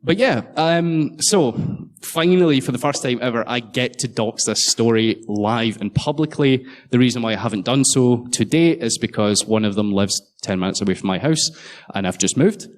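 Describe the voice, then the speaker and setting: A man's voice: mid-range voice, normal speed. Jokey man giving a conference talk. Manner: jokey, sarcastic, swears freely. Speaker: conference speaker. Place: conference hall.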